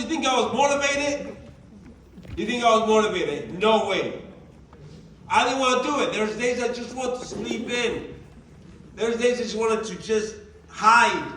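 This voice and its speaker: A man's voice: very high voice, pushed and bright, a little hiss or hum. A man giving a motivational talk to a live audience. He is emphatic, repeats his key phrases and quizzes the listeners. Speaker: motivational speaker for a sales team. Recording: very echoey room, mic far off.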